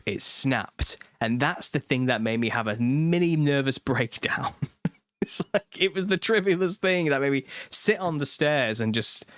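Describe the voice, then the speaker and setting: A British man in his thirties hosts a casual livestream, chatting, reading viewer comments and often laughing mid-sentence. His mid-range voice has a fairly bright tone, and the recording has no room sound.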